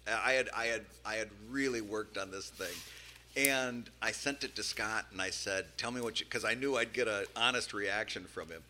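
A man co-hosting a podcast in casual chat, telling stories in an animated, self-deprecating way with many restarts. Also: on the low side, normal speed, slight background noise. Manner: animated, self-deprecating, repeats words while storytelling. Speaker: podcast co-host.

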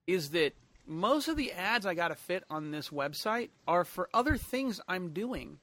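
A high-voiced man chatting as a podcast co-host, swinging up and down in pitch. He is excitable and jokey, and his voice sounds close and dry. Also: unhurried, no room sound. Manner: excitable, jumps into high mock outbursts. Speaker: podcast co-host, webcomic creator. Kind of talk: casual chat.

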